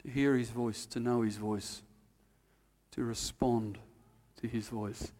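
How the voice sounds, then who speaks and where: A man's voice: medium pitch, fairly even intonation, slow pace. Preacher man in a reverberant hall. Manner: storytelling with acted-out quotes, dropping to quiet emphasis. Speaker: pastor. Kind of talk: sermon.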